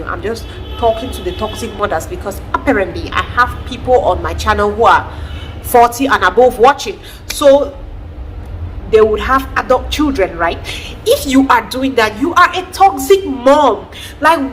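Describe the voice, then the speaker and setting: Woman, thirties, casual vlog talk, preachy and lively, slightly high voice. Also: a little hiss or hum. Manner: animated and preachy, often laughing. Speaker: vlogger, mother.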